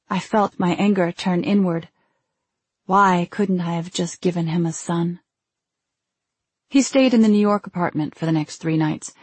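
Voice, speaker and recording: Female audiobook narrator, lowish husky voice, measured first-person reading, dry close sound. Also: darkish tone, no echo.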